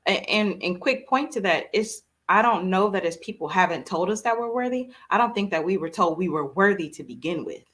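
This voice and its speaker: A woman's voice: lowish voice, lively intonation, brisk, hardly any pauses, a bit bright. Brief: woman podcast host, conversational, thoughtful interviewer. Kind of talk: interview questions.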